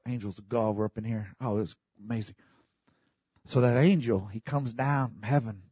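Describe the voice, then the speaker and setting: A man preaching a sermon in a church, fervently, breaking into shouts and calling for the congregation to answer him. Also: medium pitch, steady tone, normal speed, husky, dry recording. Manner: fervent preaching, bursts into shouts, call-and-response. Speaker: pastor.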